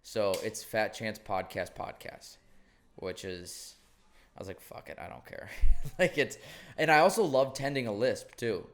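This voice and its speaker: A man's voice: fairly low pitch, expressive, measured pace. A young man hosting a podcast, telling stories in a loose, rambling way and swearing freely. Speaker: podcast host. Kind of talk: casual chat.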